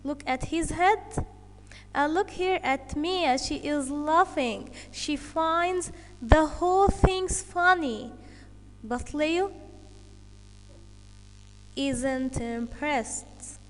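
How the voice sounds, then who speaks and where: Teaching English to children, a woman with a high-pitched voice explains things step by step in a slow, deliberate way, frequently checking in with "okay." The audio has a long reverb tail.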